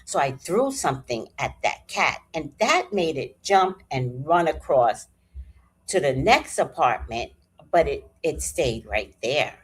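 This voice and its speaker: A woman vlogger telling a story in a casual, animated and profane way, sighing and clearing her throat often. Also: sits low, measured pace.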